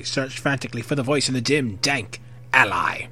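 A man reading fan fiction aloud, expressive, with occasional slips and rereads. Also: mid-range voice, normal speed, husky, soft background music. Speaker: narrator.

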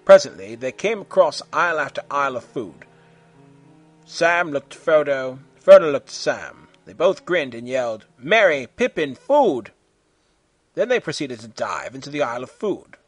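A man reading a humorous story aloud in an animated way, slipping into silly character voices. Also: medium pitch, moderate pace, dry recording, soft background music. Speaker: fan fiction reader.

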